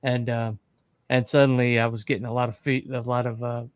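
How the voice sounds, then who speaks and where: A man in casual chat, halting and filling pauses with ums and uhs. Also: mid-range voice, flat delivery, smooth, dry recording. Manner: halting, full of fillers.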